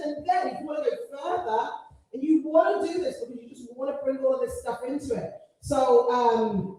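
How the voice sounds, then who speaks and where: A woman runs a gospel singing workshop in a mellow, fairly high voice, lively and quick to laugh, singing phrases to demonstrate placement. She's recorded from far off the mic across a large, very echoey hall.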